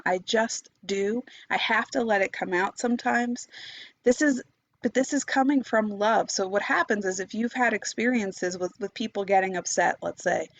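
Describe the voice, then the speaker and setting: A meditation teacher with a voice on the high side delivers a fiery, off-the-cuff monologue, cursing liberally and starting sentences over. The audio is dry, dull and lo-fi.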